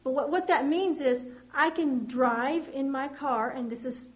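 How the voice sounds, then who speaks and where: High-voiced woman preaching earnestly. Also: measured pace, rough recording. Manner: earnest, rises in pitch and volume on key points. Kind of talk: sermon.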